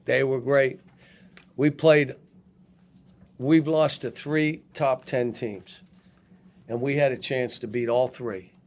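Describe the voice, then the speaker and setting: A man's voice: medium pitch, fairly even intonation, a little mellow. An older man coaching basketball, answering press questions bluntly with many restarts, at a post-game press conference. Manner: blunt, halting, frequent restarts.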